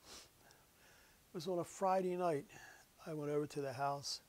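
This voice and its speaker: A middle-aged man, a pastor, telling a personal story in a folksy, conversational way during a meditation, sometimes dropping to a hushed whisper. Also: on the high side, fairly even intonation, a little slow. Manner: drops to a hushed whisper for solemn moments.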